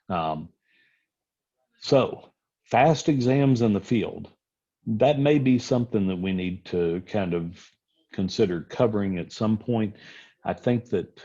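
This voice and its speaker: A middle-aged man with a very low, slightly husky voice, teaching a room of medics in a relaxed lecture. He tells stories and plays out both sides of the conversations in them. The recording sounds dull and lo-fi. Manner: storytelling, acts out dialogue in anecdotes. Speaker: physician lecturer. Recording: dull lo-fi audio.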